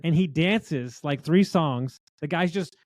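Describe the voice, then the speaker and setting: A man telling lively restaurant stories in a casual chat, acting out what other people said. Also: a little high, takes it slowly, no room sound. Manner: animated storyteller, acts out quotes of others.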